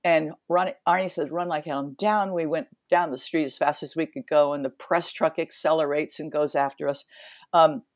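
Older woman, low voice, telling a story all animated with sound effects, dry close sound. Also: moderate pace, no room sound. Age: 70s. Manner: animated, acts out scenes with sound effects and restarts. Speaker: interview guest. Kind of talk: vivid storytelling in conversation.

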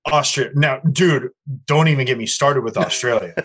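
A man's voice: medium pitch, moderate pace, slightly rough. An American man on a casual, profane podcast, reading news stories aloud and ranting about them between lines. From United States. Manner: crude, animated, reads news aloud with ranting asides. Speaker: podcast co-host. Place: Los Angeles area.

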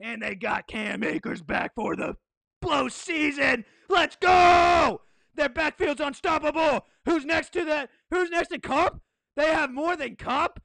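A podcast host giving an excitable, hyped-up sports preview, often shouting and asking rhetorical questions. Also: high voice, a little slow, gravelly, dry recording.

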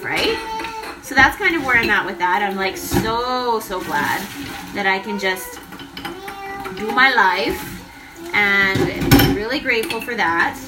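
A woman in her thirties rambles casually about her day as a mother in a vlog monologue, full of fillers, from her home kitchen. Her high-leaning voice swings widely in pitch at a slow pace. The rough home recording is a bit off-mic, with loud music and dishes and cutlery clattering.

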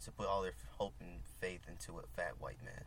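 A young man co-hosting a podcast in casual chat, telling blunt, animated stories with laughter. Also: low voice, a little fast, gravelly, crowd noise. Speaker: podcast co-host.

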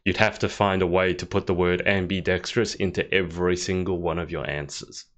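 A man hosting a live interview, asking quick questions and making playful asides. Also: deep voice, little pitch movement, fairly bright tone. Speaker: podcast host, interviewer. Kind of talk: casual interview chat.

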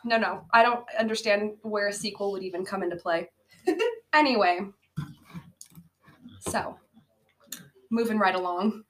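A woman co-hosting a casual podcast, retelling a bad movie with frequent laughter and animated acted-out quotes. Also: a little slow, long pauses. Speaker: podcast co-host. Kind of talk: casual movie-roast chat. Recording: low-quality amateur audio.

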